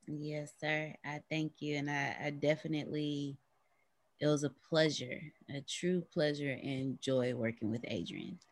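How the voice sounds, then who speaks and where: Deep-voiced woman, polite and measured, close dry mic. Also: fairly even intonation, no echo. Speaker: meeting participant.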